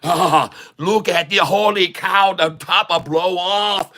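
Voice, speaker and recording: A man's voice: high-pitched, steady tone, takes it slowly, bright, forceful tone, pitched above the performer's own voice, full character voice. A man putting on a gleeful comic friend in broken English. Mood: gleeful mocking. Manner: exclamatory, singsong repetitions.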